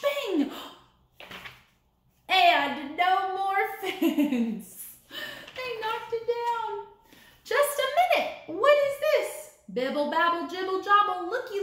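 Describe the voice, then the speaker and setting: A woman teacher reading a counting story aloud to young children in a sing-song, animated way, coaxing them to count along. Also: very high-pitched. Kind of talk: storybook read-aloud lesson. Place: classroom or learning center room. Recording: echoey room.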